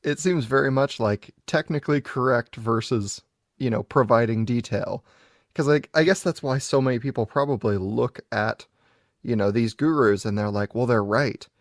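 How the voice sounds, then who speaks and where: Relaxed man hosting a podcast. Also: mid-range voice, moderate pace, dry recording, clean studio sound. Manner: relaxed, conversational, with filler words. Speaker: podcast host. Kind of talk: casual podcast chat.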